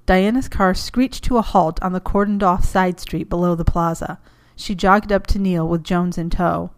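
A woman narrating a story as an audiobook, reading in a steady, even way. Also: lowish voice, moderate pace, few pauses.

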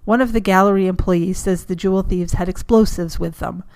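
A woman voicing a commanding female FBI agent who barks brisk orders. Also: medium pitch, steady tone, darkish tone, lightly acted. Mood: urgent.

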